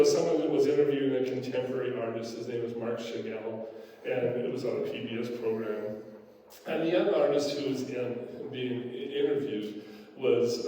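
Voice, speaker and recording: An older man preaching in a mellow, rounded voice, telling stories in a folksy way with plenty of ums. He sounds set back from the mic, with a long reverb trailing off the walls of a large church hall and a faint hum of ambience underneath. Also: mid-range voice, recorded from a distance. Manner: folksy, anecdotal storytelling with filler words. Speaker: pastor. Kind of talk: sermon. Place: church sanctuary.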